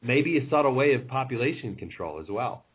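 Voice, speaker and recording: A man's voice: mid-range voice, lively intonation, breathy edge. Musing man on a tinny phone line. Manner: musing, halting with restarts. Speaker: podcast guest. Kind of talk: casual conversation.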